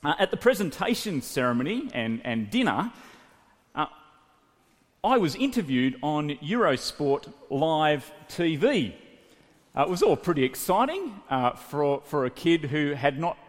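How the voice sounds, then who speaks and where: A man in his late thirties from New South Wales with an Australian accent, preaching a sermon as animated storytelling. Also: fairly high pitch, unhurried. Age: late 30s. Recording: reverberant hall.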